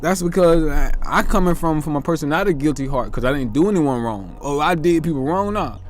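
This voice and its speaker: A man's voice: fairly high pitch, expressive, brisk, faint music behind. A man hosting a reflective motivational monologue, earnest and self-questioning, drawing out his words as he muses. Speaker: host.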